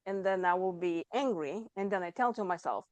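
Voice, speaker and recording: A woman hosting a podcast interview, talking in a reflective, casual way with halting restarts. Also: on the low side, no echo. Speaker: podcast host.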